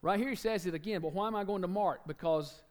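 A man from Alabama with a Southern accent, preaching a sermon emphatically, swinging between loud and soft and repeating key words. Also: sits high, quick pace.

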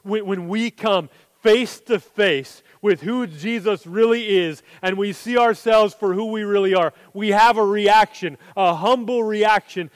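High-voiced man preaching in a reverberant hall. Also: unhurried. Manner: earnest preaching, drops to a hushed voice when quoting scripture. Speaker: pastor. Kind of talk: sermon.

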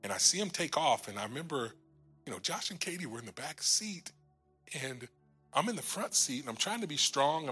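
Faint, soft music plays beneath a guest minister in his forties as he gives his personal testimony to a congregation. His bright, forward voice animates every exchange, playing both himself and others in the retelling. When the story turns emotional, he sinks low and quiet.

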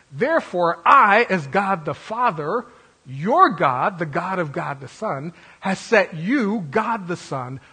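Man, pastor, sermon, husky, high voice, dramatic proclamations and quiet drops.

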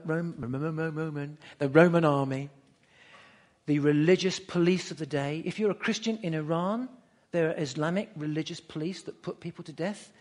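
A man preaching a sermon, emphatic and fond of repeating key phrases. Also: a little high. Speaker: pastor.

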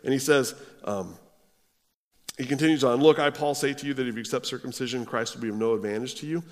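A pastor preaching a sermon, swinging from hushed low phrases to loud, pressing lines as he quotes scripture. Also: fast, long reverb tail.

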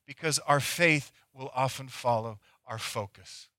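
Bright-voiced male pastor preaching. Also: mid-range voice, measured pace, dry recording, clean studio sound. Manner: dynamic preaching, swinging from loud acted pleas to near-whispers. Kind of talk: sermon.

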